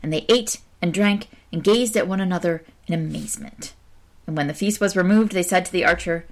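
A woman reading an old folk tale aloud in a measured storytelling manner. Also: lowish voice. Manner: measured, lightly archaic narration.

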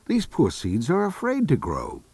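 A man voicing a kindly, patient male frog who gives gentle, reassuring advice. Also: huge pitch swings, a little slow, no room sound, full character voice. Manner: gentle, reassuring, high and lilting.

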